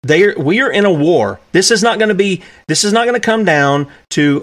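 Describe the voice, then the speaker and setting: Male host, fairly high voice, emphatic solo commentary with frequent asides. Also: lively intonation, moderate pace, a bit bright. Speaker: podcast host. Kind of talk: solo commentary, reading from documents.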